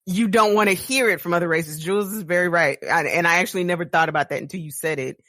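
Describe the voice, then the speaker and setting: A woman's voice: fairly low pitch, fast, bright, forceful tone, no room sound. A woman with a Texan accent co-hosting a casual studio chat show, blunt and candid, laughing often. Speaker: podcast co-host.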